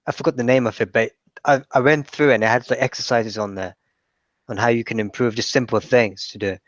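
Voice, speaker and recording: A man's voice: mid-range voice, fairly even intonation, a little fast, dry recording. Man chatting on dull dry audio. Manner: chatty, rambling, with frequent restarts. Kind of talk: casual conversation.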